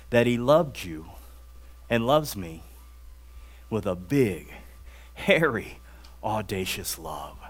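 A man preaching a sermon and telling stories, swinging from raised emphatic lines to hushed, drawn-out ones. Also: fairly high pitch. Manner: storytelling, drawn-out words for emphasis.

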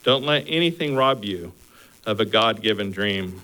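A man's voice: on the low side, animated, moderate pace, bright, forceful tone, low-quality recording. A male preacher delivering a sermon with earnest exhortations, working through numbered points and then telling a story.

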